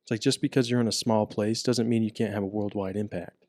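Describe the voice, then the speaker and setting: A young man co-hosting a podcast, talking earnestly in casual chat and getting animated as he retells a story. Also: lowish voice, quick pace, no echo, studio quality. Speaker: podcast co-host.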